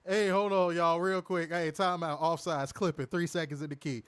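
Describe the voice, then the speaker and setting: A man's voice: fairly high pitch, fairly even intonation, normal speed, hardly any pauses, fairly bright tone, clean tone, no echo. A young man co-hosting a casual review show over a call, laughing hard and talking loose and profane. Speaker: podcast co-host. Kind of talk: casual chat.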